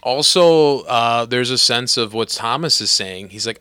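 Bright-voiced man talking through scripture. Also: mid-range voice, expressive, measured pace, few pauses, clean tone, no room sound. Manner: thoughtful, frequent restarts, asks for agreement with "right?". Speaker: clergy discussing scripture. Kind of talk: casual theological conversation.

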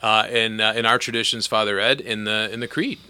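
A man talking through a gospel passage in a relaxed conversation, thinking aloud with restarts and often checking for agreement. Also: fairly low pitch, a little fast, clear, resonant tone, dry recording. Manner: thoughtful, frequent restarts, asks for agreement with "right?". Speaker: clergy discussing scripture. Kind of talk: casual theological conversation.

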